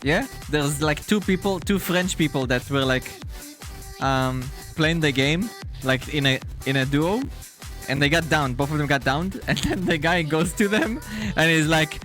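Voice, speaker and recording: A male VTuber streamer chatting casually with his viewers, animated, laughing often and swearing freely. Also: on the high side, unhurried, faint music behind. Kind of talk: casual live-stream chat.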